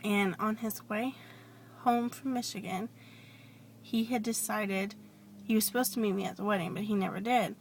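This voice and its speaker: A woman telling a personal story in a confessional vlog, hesitant and rambling with many restarts, sometimes dropping to a soft whisper. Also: medium pitch, fairly even intonation, moderate pace, slight background noise. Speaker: vlogger.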